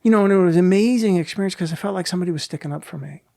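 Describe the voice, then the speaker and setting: A middle-aged man, a guest and motivational speaker, telling a personal story with emotion and pausing often to search for his words. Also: sits high, vocal fry, warm tone, no echo, clean studio sound. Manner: halting, searching for words, many restarts.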